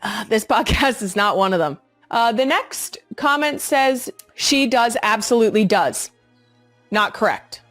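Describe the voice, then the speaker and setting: Sassy thirties woman hosting her podcast, cusses freely, kinda high voice, dead dry studio mic. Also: expressive, a little slow, fairly bright tone, dry recording, soft background music. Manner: blunt, sassy, swears freely. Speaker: podcast host. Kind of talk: casual monologue.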